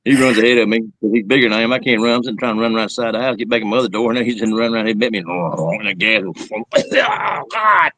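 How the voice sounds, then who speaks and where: A man's voice: mid-range voice, little pitch movement, very fast, few pauses, fairly bright tone, no room sound, rough recording. A man hosting a casual chat, rambling and laughing often as he tells stories. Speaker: show host.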